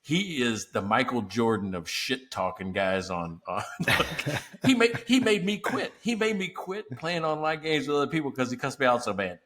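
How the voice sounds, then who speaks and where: A man's voice: medium pitch, big pitch swings, normal speed, a bit bright. A man hosting a casual business podcast, telling stories animatedly and laughing often. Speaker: podcast host. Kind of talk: casual chat.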